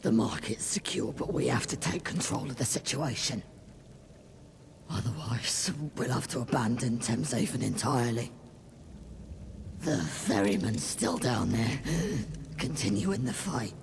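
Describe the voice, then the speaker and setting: An actor playing a weary male leader of a fish-like river people, speaking in slow, hesitant pleas in video game dialogue. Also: mid-range voice, animated, gravelly, a little hiss or hum. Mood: pleading.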